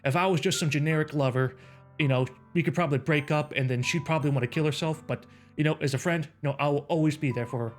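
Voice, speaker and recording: A man's voice: on the high side, fairly even intonation, quick pace, faint music behind. A young man hosting a casual let's play, rambling emotionally with lots of "you know"s. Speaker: gaming channel host.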